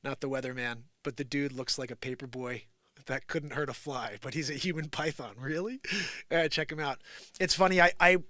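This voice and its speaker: Middle-aged male host, New Jersey accent, bright forceful tone, dry close sound, animated storyteller. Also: mid-range voice, moderate pace, no echo. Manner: animated storytelling, acts out quoted voices, swings from loud to hushed. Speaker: live show host. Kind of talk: casual livestream monologue.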